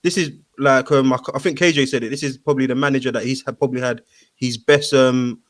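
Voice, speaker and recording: A man's voice: mid-range voice, steady tone, quick pace. Man, casual football debate, slangy, keeps repeating himself. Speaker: football pundit.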